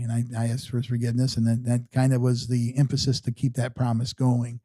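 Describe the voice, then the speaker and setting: Older male guest, sixties, earnest storyteller, warm low tone, close and dry. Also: completely flat delivery, brisk, few pauses, no room sound. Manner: earnest, rambling with frequent restarts. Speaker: podcast guest. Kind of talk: casual storytelling interview.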